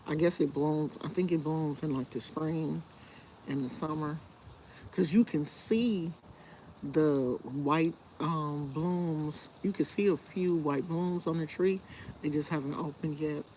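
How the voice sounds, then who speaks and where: Slow-talking woman live from her backyard. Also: deep voice, dark tone, a little hiss or hum, low-quality recording. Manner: wistful, rambling, talks to viewers. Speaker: livestream host. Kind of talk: casual live chat. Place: outdoors in a backyard.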